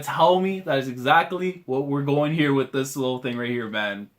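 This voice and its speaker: Young male reaction host, casual and emotional, pleading bursts, middling pitch. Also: moderate pace, a little hiss or hum. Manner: emotional, repeats "man" and "bro", pleading outbursts. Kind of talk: emotional live reaction commentary.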